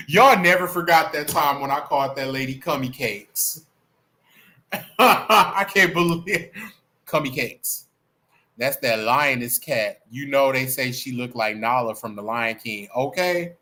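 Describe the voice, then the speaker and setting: A man hosting a livestream, chatting in a sassy, animated, playful way about celebrity gossip. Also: mid-range voice, measured pace. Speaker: livestream host. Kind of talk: casual celebrity gossip chat.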